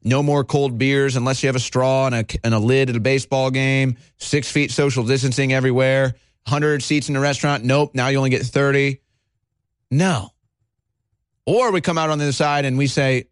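A male talk show host delivering a heated, agitated monologue, swinging between low intensity and shouting. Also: fairly even intonation, moderate pace, clean tone, no room sound, clean studio sound.

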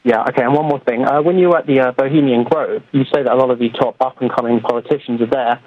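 A man calling in to a radio show, quick and hesitant with fillers. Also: mid-range voice, steady tone. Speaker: caller. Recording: tinny phone line.

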